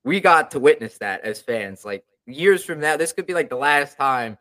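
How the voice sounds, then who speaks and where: A man's voice: mid-range voice, expressive, normal speed, fairly bright tone. A man co-hosting a podcast, talking casually in an easygoing, rambling way. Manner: easygoing, rambling, restarts sentences. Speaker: podcast co-host. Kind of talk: casual chat.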